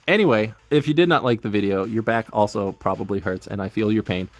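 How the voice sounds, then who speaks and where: A man's voice: on the low side, fast, dry recording. A man giving casual, self-deprecating commentary over his own gameplay, rambling with lots of ums. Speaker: gaming video host.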